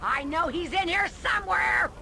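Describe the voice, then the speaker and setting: A woman voicing a furious, jealous noblewoman in a video game, yelling at her straying husband in a shrieking voice. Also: very high voice, animated, normal speed, vocal fry, a little hiss or hum, exaggerated voice. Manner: yelling, commanding. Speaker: game character.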